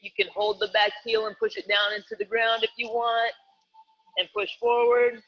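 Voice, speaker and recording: A man's voice: sits high, little pitch movement, moderate pace, highs cut off. A man coaching a live online workout, calling out exercises and reps in an upbeat, joking way. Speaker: fitness coach.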